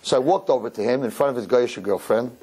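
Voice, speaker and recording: A rabbi telling a lively personal story to an audience, acting out the dialogue as he goes. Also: medium pitch, fast talker, breathy edge. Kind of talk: storytelling talk.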